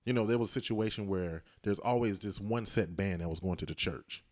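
A man's voice: fairly low pitch, brisk, a little mellow. A man in casual conversation, animatedly telling a story and acting out the voices of the people in it. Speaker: husband telling his story.

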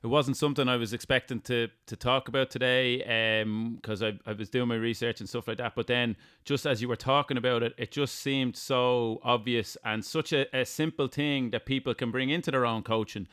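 Smooth-voiced man hosting a podcast. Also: mid-range voice, steady tone, normal speed, hardly any pauses, fairly bright tone. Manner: rambling, many fillers and restarts. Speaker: podcast host. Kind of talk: conversational podcast interview.

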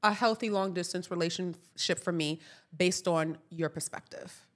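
A woman with a New York accent hosting a podcast, chatting casually and teasing her guest with quick banter. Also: fairly low pitch. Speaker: podcast host. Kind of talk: casual chat.

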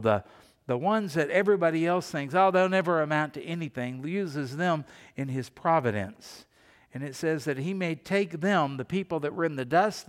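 A man's voice: fairly high pitch, long reverb tail. A male pastor giving a sermon, telling Bible stories and briefly acting out the people in them. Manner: storytelling preacher who acts out quoted characters.

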